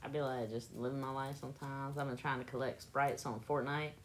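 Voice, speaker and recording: Low-voiced southern woman chatting on a livestream. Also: fairly even intonation, a little fast, a little hiss or hum. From South Carolina. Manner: laid-back, playful, repeats words to test her pronunciation. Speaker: livestream host. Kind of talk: casual chat with live chat.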